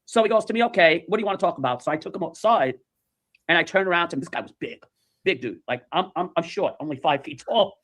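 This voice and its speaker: A man with a higher-leaning voice talks fast as he tells a story in casual chat, animatedly acting out the voices of the people in it.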